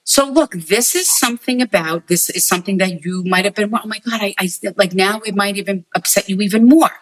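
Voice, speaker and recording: A woman's voice: medium pitch, fairly quick, low-quality recording. A woman working as a psychic medium, earnestly relaying messages to the people in front of her and often repeating herself. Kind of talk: spirit reading for sitters.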